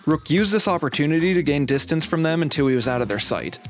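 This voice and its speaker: A man's voice: a little high, expressive, quick pace, soft background music. A man hosting his channel, telling an adventure story from a game playthrough in an upbeat, dramatic storytelling manner. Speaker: channel host and narrator.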